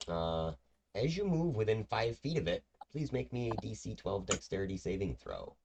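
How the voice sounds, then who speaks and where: A man's voice: fairly low pitch, big pitch swings, normal speed, gravelly, noisy background. A man narrating as game master of a tabletop game, rambling with many fillers. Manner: meandering, filler-heavy narration.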